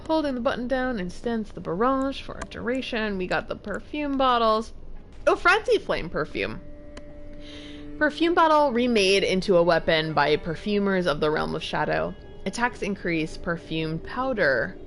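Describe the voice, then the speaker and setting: A woman's voice: lowish voice, fairly bright tone. Chatty tired woman streaming a game. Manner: chatty, laughs often, trails off and restarts, reads item text aloud. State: tired, yawning. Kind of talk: casual live-stream commentary.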